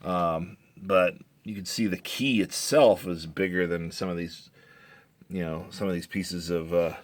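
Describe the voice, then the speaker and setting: A game master with a deep, fairly even voice chats casually about an old box set in a show-and-tell style, speaking a little slowly. He rambles, corrects himself, and chuckles as he tells it, with no room sound.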